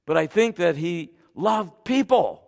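Male pastor, sermon delivery, loud-to-soft dynamics, slightly high pitch, long hall reverb. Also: expressive, a little slow, gravelly. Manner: swings from loud forceful scripture reading to soft tender near-whisper. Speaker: preacher.

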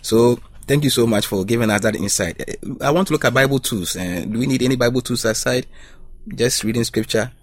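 A man's voice: medium pitch, a little fast, no room sound. A man hosting a panel discussion on Bible study, asking questions and prompting the panelists. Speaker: host.

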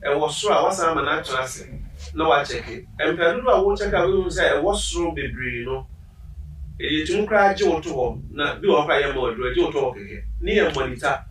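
A man's voice: on the high side, fast, fairly bright tone, a little hiss or hum. A man, a health expert on a talk show, explaining patiently step by step. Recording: roomy, distant mic.

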